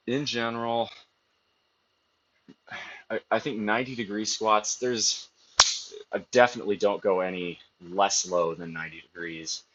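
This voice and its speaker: Streaming from the gym as he lifts, this man talks between sets in a low, slightly bright, somewhat rough voice, cursing freely and offering strong opinions over dull lo-fi sound.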